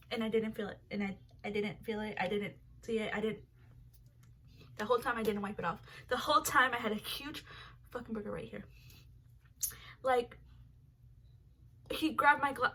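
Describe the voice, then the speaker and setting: A woman's voice: on the high side, normal speed, long pauses, fairly bright tone, husky. A young woman telling a rambling, embarrassing story to her viewers, full of filler words and swearing. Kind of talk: casual storytime monologue.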